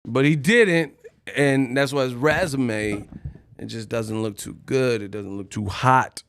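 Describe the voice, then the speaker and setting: A man's voice: mid-range voice, measured pace, fairly bright tone, slight background noise. A man hosting a boxing live stream, joking and laughing often as he does impressions. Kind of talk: casual live-stream commentary.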